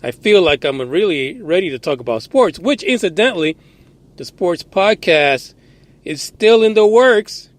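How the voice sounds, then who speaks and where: A man with a high, swooping voice rants through news commentary as a podcast host, swearing freely and dripping with sarcasm. He keeps firing off exasperated, disbelieving questions. The sound is close and dry. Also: no room sound. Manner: animated, incredulous questioning.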